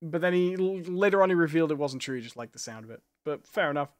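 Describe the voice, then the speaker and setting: A man with an English accent co-hosting a casual chat, opinionated and quick to laugh. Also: on the high side, animated, dry recording, studio quality. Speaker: co-host.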